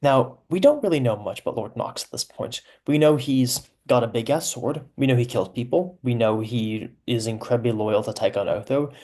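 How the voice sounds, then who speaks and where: A man's voice: medium pitch, fairly quick, hardly any pauses, dark tone. Amused man chatting through commentary. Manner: chatty and amused, laughs often, aside-heavy explaining. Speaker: author giving commentary on his own serialized story. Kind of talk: casual commentary.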